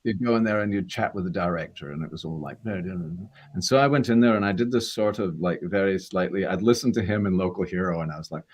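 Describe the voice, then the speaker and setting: A man's voice: sits low, fast, few pauses. A Canadian man in his sixties, an actor guest, telling rambling stories in a casual interview and acting out voices. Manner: rambling anecdotes, acts out quoted voices.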